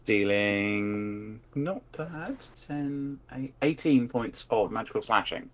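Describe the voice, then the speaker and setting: A man's voice: lowish voice, slow pace. A man playing a tabletop game, thinking aloud and muttering as he rolls dice. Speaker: player.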